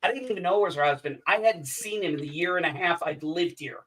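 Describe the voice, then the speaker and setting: A man's voice: fairly high pitch, fast, a bit bright, distant mic, low-quality recording. A man in casual chat, swearing a lot while telling a story and acting out angry lines. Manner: profane storyteller, acts out heated quotes.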